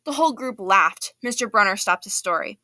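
A woman reading a novel aloud in the first person, lively and expressive. Her voice is bright and forward. The sound is dry and close, with no room echo. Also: mid-range voice, brisk. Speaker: audiobook reader.

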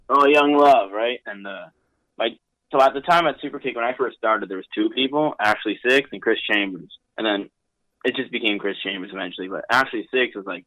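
A young man in his twenties talks loosely and rambles, stacking up fillers as he chats on a podcast. His voice sits a little low but has a bright, forward edge. The sound is close and dry. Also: dry recording, low-quality recording. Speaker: podcast guest, wrestler. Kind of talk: casual podcast chat.

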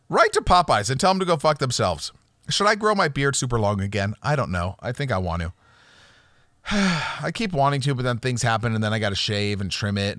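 A man's voice: medium pitch, sharp tone, no room sound, clean studio sound. A man hosting a solo podcast, rambling and ranting with profanity and jokes. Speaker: podcast host.

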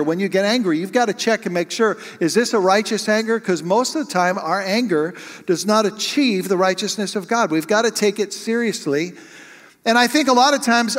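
A male pastor preaches with a slightly raised pitch, throwing rhetorical questions out to his listeners. His voice carries a long reverb, as if it is filling a large hall. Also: a bit bright. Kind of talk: sermon.

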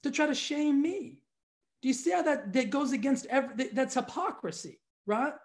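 A fitness studio owner telling viewers a story in a casual, exasperated rant, talking straight to the camera. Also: male voice, very high voice, animated, moderate pace.

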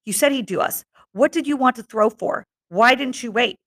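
A woman's voice: a little high, moderate pace, a bit bright, pitched above the performer's own voice. A woman reading aloud the lines of a proud, defensive boy hunter from a novel.

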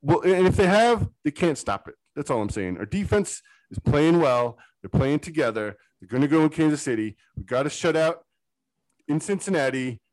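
A man talks in a casual sports podcast, excitable and rambling as he drifts between tangents. His voice sits a little high for a man. The recording is dry and close, with no room sound. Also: normal speed, dry recording, rough recording. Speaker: podcast co-host.

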